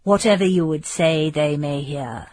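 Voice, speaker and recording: A woman voicing a cold, domineering man who rules a castle, speaking slow and curt. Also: deep voice, a little mellow, no echo. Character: cold, domineering older male castle lord.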